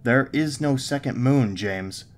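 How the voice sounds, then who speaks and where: A man voicing a worried middle-aged father in a creepypasta reading, measured and sighing. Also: mid-range voice, a little hiss or hum, voice pushed up, lightly acted. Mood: worried, stern.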